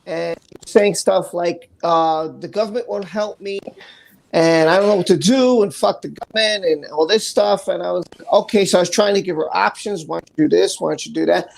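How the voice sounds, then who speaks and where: A man's voice: high voice, normal speed, vocal fry, a little hiss or hum, low-quality recording. A man hosting a live stream, telling a personal story in a candid, blunt way that is full of swearing. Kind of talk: casual live stream talk.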